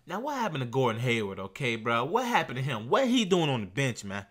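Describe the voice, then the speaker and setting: A man's voice: mid-range voice, huge pitch swings, a little fast, a bit bright. A young man hosting a reaction vlog, ranting in brash slang and peppering every line with bro and man. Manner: brash slangy trash talk, keeps saying bro and man. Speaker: YouTube reaction host. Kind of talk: casual reaction vlog rant.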